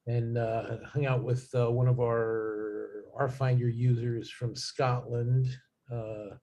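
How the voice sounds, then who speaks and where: A man's voice: medium pitch, flat delivery, slow pace, mellow. A man talking as a guest in a casual chat, rambling with many fillers and restarts.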